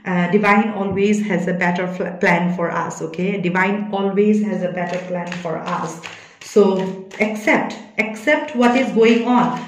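A woman giving a spiritual tarot reading, speaking softly and emotionally, consoling her listeners with many pauses and fillers. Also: medium pitch, reverberant, dull audio. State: emotional, holding back tears. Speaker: tarot reader.

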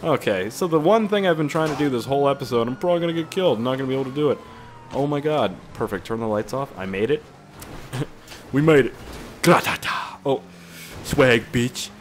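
Excitable man rambling over gameplay. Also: medium pitch, a little fast, slight background noise. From Canada. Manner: excitable, rambling, swears often. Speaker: gaming YouTuber. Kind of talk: casual gameplay commentary.

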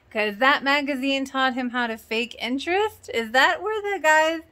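A woman's voice: sits high, moderate pace, pushed and bright. A woman casually recapping a sitcom episode in a chatty, giggly way, often acting out the characters' lines. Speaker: reaction channel host.

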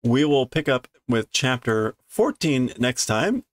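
A man's voice: medium pitch, big pitch swings, slow, a little hiss or hum. A man casually reading a comic aloud on stream, amused and explaining the story as he goes. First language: English. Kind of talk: casual read-through with commentary.

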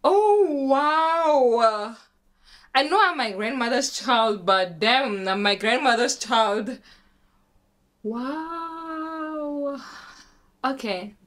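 A young woman from Namibia chatting casually in a vlog, excitable and talkative, with sudden high squeals. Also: unhurried, hardly any pauses. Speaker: vlogger.

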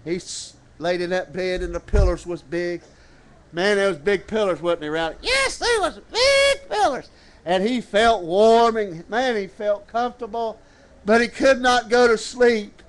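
A man preaching a storytelling sermon at a church service, calling out to the congregation and swooping into slow, dramatic phrases. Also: high voice, fairly even intonation.

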